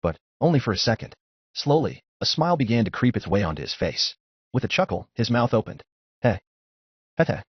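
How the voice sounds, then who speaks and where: A man narrating a fan fiction story in a steady, descriptive audiobook style, on a dull lo-fi recording. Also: medium pitch, fairly quick, breathy edge, no echo. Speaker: fanfiction narrator.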